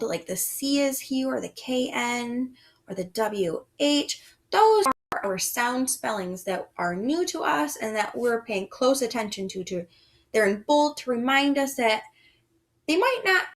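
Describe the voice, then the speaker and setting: A woman teaching a first grade reading lesson, praising often and explaining sounds and words patiently for young children. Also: fairly high pitch. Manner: slow, sing-song and encouraging, with frequent praise.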